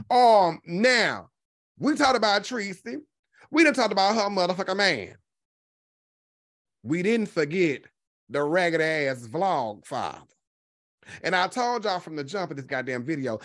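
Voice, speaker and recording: A man hosting a gossip commentary show, talking loudly and brashly with constant profanity. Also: high-pitched, no echo, studio quality. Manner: loud, brash, heavily profane.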